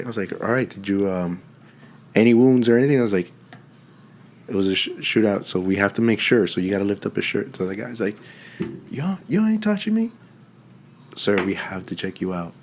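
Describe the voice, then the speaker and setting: A man's voice: fairly low pitch, fairly quick. A man, a firefighter guest, telling stories in casual chat and acting out voices of the people in them. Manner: animated, acts out voices in his stories.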